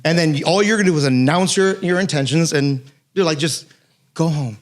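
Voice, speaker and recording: Fast-talking man, brisk and emphatic. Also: fairly high pitch. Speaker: host. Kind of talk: casual podcast chat.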